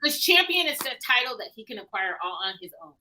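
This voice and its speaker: Bright, enthusiastic woman in book chat. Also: fairly high pitch, very animated, fast. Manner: enthusiastic, full of "like". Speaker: book club member. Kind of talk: casual chat.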